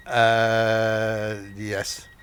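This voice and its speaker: Extremely slow and smooth, this man's fairly low voice carries his train simulator livestream. He's jokey and chatty, laughing a lot as he responds to viewers, and a steady noise lies beneath the audio.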